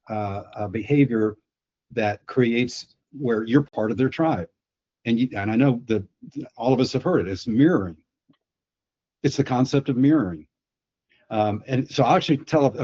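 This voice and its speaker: A man's voice: mid-range voice, warm tone, muffled recording. A man on a video call explaining sales psychology through anecdotes, often restarting his words. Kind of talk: storytelling on a webinar panel.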